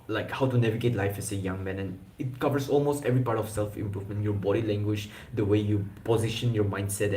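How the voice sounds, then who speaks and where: A man's voice: lowish voice, mellow, slight background noise. A young man chatting casually on a live stream, rambling with slang and restarts. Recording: echoey room.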